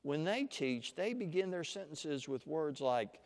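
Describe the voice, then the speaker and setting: A man preaching a sermon, teaching slowly and deliberately with dramatic pauses and leading listeners through an imagined scene. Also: a little high, very animated, darkish tone. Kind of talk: sermon with guided imagination exercise. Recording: long hall reverb.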